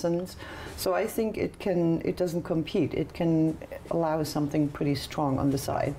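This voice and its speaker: A chatty, enthusiastic woman hosts a cooking show from a studio kitchen. Her voice sits a little low and sounds warm and mellow, with a faint hum of room noise behind it. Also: fairly even intonation, normal speed. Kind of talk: casual chat on a TV cooking show.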